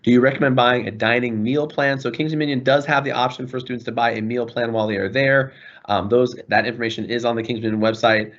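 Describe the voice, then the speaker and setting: A man's voice: mid-range voice, steady tone, quick pace. Earnest man on a dull video call. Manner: earnest, apologetic, warm toward students. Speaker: school administrator. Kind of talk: online parent information session.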